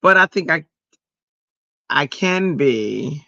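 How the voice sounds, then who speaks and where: A man's voice: fairly high pitch, lively intonation, takes it slowly, gravelly, pushed and bright, dry recording, lo-fi sound. A middle-aged man hosting a crafting livestream, chatting casually, telling stories with animation and laughing often.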